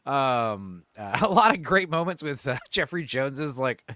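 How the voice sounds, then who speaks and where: Guy hosting a movie chat, rambly and excited, lots of ums, medium pitch, dry sound. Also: measured pace, no room sound. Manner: rambling and animated, many fillers and laughs. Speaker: host. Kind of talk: casual chat.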